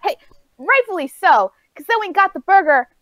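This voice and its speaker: A woman co-hosting a casual podcast chat, telling an animated story with laughs and acted-out quotes. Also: very high-pitched, moderate pace, no echo, dull audio. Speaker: podcast co-host.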